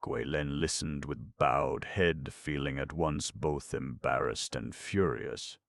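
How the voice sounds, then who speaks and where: A man narrating a classic novel as an audiobook in a measured, expressive reading, close to the mic. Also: rumbling low, vocal fry, dry recording. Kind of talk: scripted narration.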